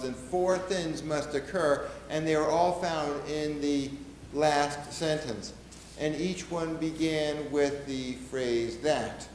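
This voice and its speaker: A man portrays a solemn, middle-aged nineteenth-century American president who speaks in a measured, oratorical way. His voice sits a little high and moves at an unhurried pace. The recording is roomy, with a faint ambience behind him. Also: a little hiss or hum. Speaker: historical reenactor. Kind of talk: first-person historical portrayal.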